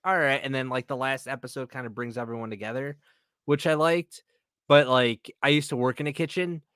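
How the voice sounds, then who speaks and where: A comic creator appears as a podcast guest, chatting casually in a mid-range voice. He's an animated storyteller who acts out what people said. The sound is clean studio audio with no room sound.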